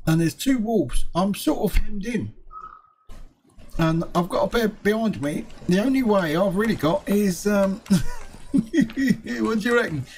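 Male game host, casual running commentary, higher-pitched, mild swearing; noisy mix. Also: measured pace, darkish tone. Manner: chatty, muttering to himself, swears lightly. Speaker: gaming video host.

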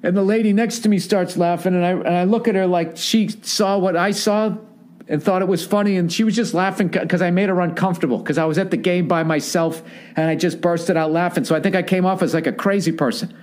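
A man's voice: sits high, steady tone, a little fast, a little mellow. A middle-aged man, telling a rambling, profane comedic story as a podcast host. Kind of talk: casual comedic monologue.

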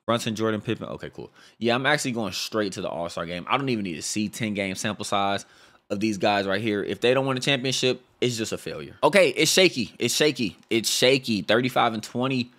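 A young man with a fairly low voice talks casually through a basketball sim game. He uses a lot of slang and reacts loudly, swinging between excitement and disbelief at each result. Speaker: gaming YouTuber. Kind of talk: casual gameplay commentary.

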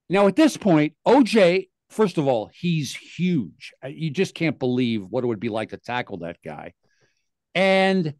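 An older man hosting a casual talk show, telling a story with lively acted-out quotes. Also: fairly high pitch, dry recording. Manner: animated storyteller, acts out quotes. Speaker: podcast host.

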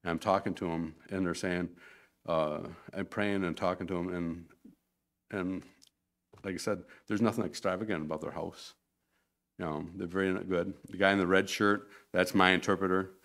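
A man's voice: sits low, a bit bright. A man giving a rambling, informal mission report to a church congregation, acting out the quotes in his stories. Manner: rambling storyteller, acts out quotes. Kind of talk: informal slideshow talk to a congregation. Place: church sanctuary.

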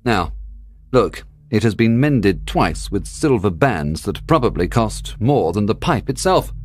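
A man voicing a confident, lively detective. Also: fairly low pitch, measured pace. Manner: lively, explaining with assurance. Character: brilliant male detective, confident and impatient. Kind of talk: storybook reading.

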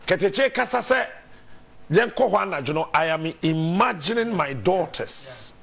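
Gravelly Ghanaian man, lively pitch. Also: unhurried. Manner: emotional, speaks through tears, affirming interjections.

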